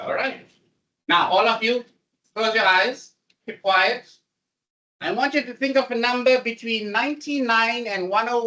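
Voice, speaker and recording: A man giving a classroom programming lecture, animated and repetitive as he coaxes his students along. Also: high voice. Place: lecture room. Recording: voice distant from the mic.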